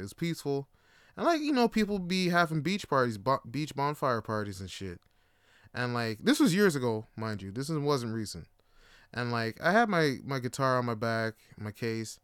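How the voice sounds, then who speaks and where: Clear-voiced man in a rambling, profane monologue. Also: mid-range voice, fairly bright tone, dry recording, clean studio sound. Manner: rambling and profane, full of fillers. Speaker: podcast host. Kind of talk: casual storytelling monologue.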